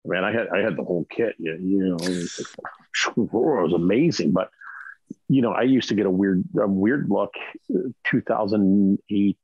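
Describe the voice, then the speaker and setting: A man with a low, rough, fry-laden voice talks shop in an emphatic, casual way, tossing in "right?" as he goes. He sounds husky and a bit muffled over a remote link. The sound is close and dry. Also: normal speed, darkish tone, no room sound. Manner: emphatic, keeps asking "right?". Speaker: podcast panelist. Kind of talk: casual panel chat.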